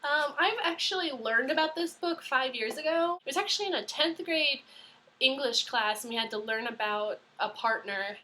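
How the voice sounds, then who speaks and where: A young woman in her early twenties chatting casually into a webcam, rambling and excitable with lots of fillers. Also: high voice, moderate pace. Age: early 20s. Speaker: vlogger. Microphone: webcam mic.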